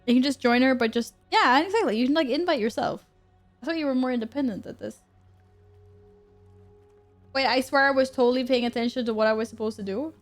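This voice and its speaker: A young woman chatting casually on a game stream, joking and rambling with quick self-corrections. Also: high voice, faint music behind. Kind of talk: casual live-stream chat while gaming.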